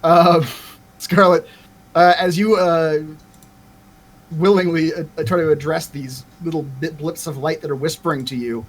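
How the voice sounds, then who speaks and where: A man's voice: on the high side, steady tone, measured pace. A man running a tabletop game as game master, narrating with frequent hesitations.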